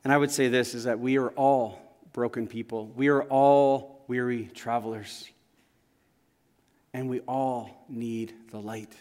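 A man's voice: medium pitch, steady tone, unhurried, darkish tone. A male pastor preaching in a church, telling stories in an earnest, conversational way. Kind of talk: sermon. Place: church sanctuary. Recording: long reverb of a large church hall.

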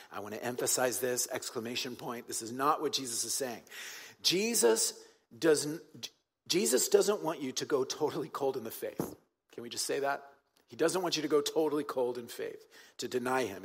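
A man's voice: mid-range voice, a bit bright, husky, big-room sound. A man preaching a sermon in a conversational, emphatic way, repeating key points and checking in with his listeners. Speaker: pastor.

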